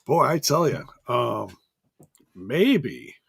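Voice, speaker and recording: A man's voice: medium pitch, big pitch swings, extremely slow, gravelly, a bit bright, husky, dry recording. A man hosting a casual solo wrestling review, rambling and correcting himself as he goes, chuckling now and then.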